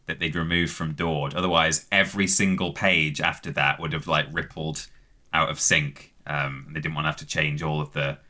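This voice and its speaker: A man's voice: very deep voice, steady tone, normal speed, sharp tone. A British man co-hosting a podcast, casually reading out facts at length with many "um"s and words spelled letter by letter. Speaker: podcast co-host.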